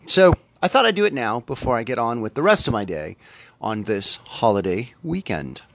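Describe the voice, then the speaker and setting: A man in mid pitch hosts a reflective spiritual podcast. He talks in a thoughtful, conversational way and often stops to rephrase himself. The sound is dry, with no room behind it. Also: very animated, moderate pace, gravelly, fairly bright tone, no room sound. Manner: thoughtful, self-correcting, conversational. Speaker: podcast host.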